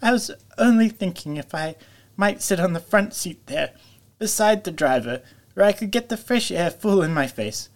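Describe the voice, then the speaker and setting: A man's voice: high-pitched, animated, normal speed, voice pushed up. A man doing a boastful, reckless toad. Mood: wheedling. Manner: boastful, shouting.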